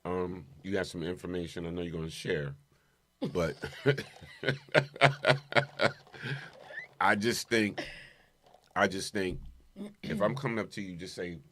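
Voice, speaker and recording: Low-voiced laid-back male radio host. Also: takes it slowly, long pauses, a bit bright. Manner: laid-back, laughs between remarks. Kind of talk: casual radio talk.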